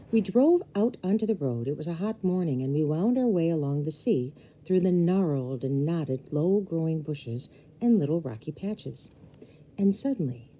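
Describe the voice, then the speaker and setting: A woman reads a children's book aloud in an expressive storytime voice, speaking straight to young listeners. Her voice is low, very dark and mellow, with a husky edge and a lively, rising and falling melody. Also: dull audio. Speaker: storybook reader. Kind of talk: reading a children's novel aloud.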